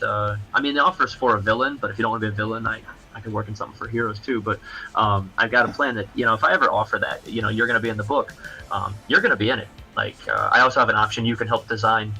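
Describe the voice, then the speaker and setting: A man, a comic book creator guesting on a livestream, chatting casually in halting, rambling explanations. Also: on the low side, steady tone, sharp tone, faint music behind, low-quality recording.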